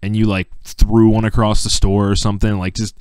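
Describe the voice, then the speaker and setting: A man's voice: lowish voice, level tone, a little fast, darkish tone, clear, resonant tone, no room sound. A young man hosting a podcast, rambling and laughing as he tells a story over a video call. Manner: rambling, laughing, heavy use of "like". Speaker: podcast host. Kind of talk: casual storytelling chat.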